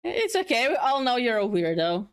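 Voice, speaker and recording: A woman's voice: on the high side, big pitch swings, normal speed, clean tone. A woman co-hosting a casual stream chat, making dry, teasing remarks.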